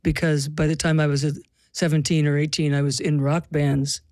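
A woman's voice: deep voice, level tone, moderate pace, a little mellow, dry recording, clean studio sound. An older woman from the US Pacific Northwest, a musician guest telling stories in an interview with a wry, reflective manner. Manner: reflective, wry storytelling with laughs. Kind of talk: interview conversation.

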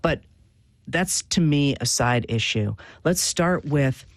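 A man's voice: on the high side, lively intonation, no echo, studio quality. A man speaking as a professor and guest, explaining history earnestly with frequent halts and restarts. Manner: earnest, halting, many restarts. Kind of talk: explanatory interview answers.

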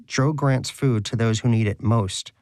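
A man voicing a devout, hungry male pet hamster who sounds preachy and indignant, with soft music playing behind. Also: medium pitch, a little slow, dry recording, close to an everyday voice. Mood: bitter.

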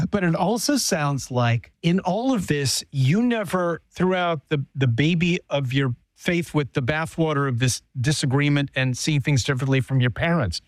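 Affirming male host, slightly high voice. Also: normal speed, dry recording. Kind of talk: interview conversation.

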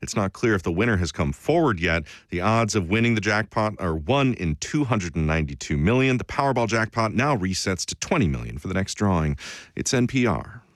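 Man reading a newscast, lowish and dry. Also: expressive, fairly quick, dry recording. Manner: crisp, formal delivery.

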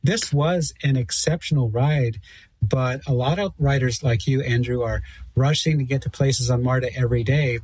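A man as a radio reporter, asking questions calmly and politely. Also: medium pitch, moderate pace, slightly rough, no room sound, rough recording. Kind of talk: radio interview.

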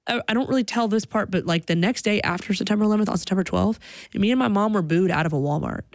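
A woman telling a personal story in a lively manner, acting out the people she quotes. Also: quick pace, dry recording, clean studio sound. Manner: lively, acts out quoted voices in a higher pitch.

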